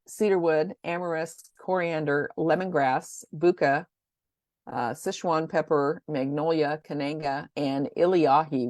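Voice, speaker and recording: A woman with a low, gravelly voice rambles chattily through a casual product rundown. She stumbles over names and goes back to correct herself. The sound is close and dry. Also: darkish tone, no echo. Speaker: essential oil presenter.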